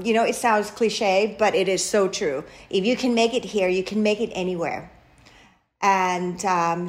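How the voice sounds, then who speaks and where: Thai woman telling a lively story. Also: mid-range voice. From Thailand. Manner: animated, laughs often, many fillers and restarts. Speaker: chef and restaurant owner, guest. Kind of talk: storytelling in an interview.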